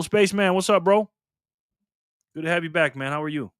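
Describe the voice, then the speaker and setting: A man's voice: on the high side, a little fast, pauses often, clear, resonant tone, no room sound, clean studio sound. Laid-back man hosting a livestream. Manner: laid-back, calls viewers man and brother; loose, repeats and restarts phrases. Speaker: livestream host. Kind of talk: casual livestream chat, reading viewer comments aloud.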